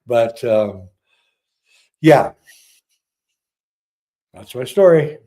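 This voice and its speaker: A man, a guest on a podcast, telling a long personal story in a casual, halting way with many fillers and restarts. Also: mid-range voice, expressive, mellow.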